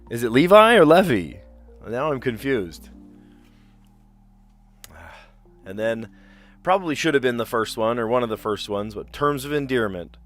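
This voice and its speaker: A man from South Jersey hosting a livestream, chatting casually and thinking aloud as he works through word puzzles, often second-guessing himself. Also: medium pitch.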